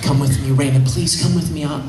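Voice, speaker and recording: A man voicing a passionate, lovestruck male starship captain who pleads in a halting, raised voice. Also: a little high, steady tone, mellow, soft background music, close to an everyday voice. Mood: pleading. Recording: echoey hall, faint noise.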